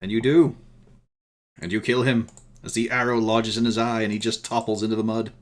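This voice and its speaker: A man narrating as game master in a tabletop game, wry and quick to laugh. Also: lowish voice, little pitch movement.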